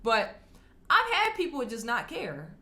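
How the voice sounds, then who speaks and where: Her voice is fairly high and her pace measured as she casually responds to viewer comments on camera. She's a chatty, candid vlogger who often laughs mid-sentence and animatedly acts out others' words in shifting voices.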